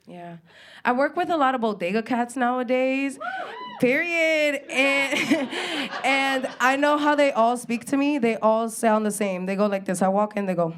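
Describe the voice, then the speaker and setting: A woman's voice: high voice, a little slow, noisy background. Woman from New York doing stand-up. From New York City. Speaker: stand-up comedian. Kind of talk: stand-up comedy set. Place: comedy club stage. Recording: live club crowd audible.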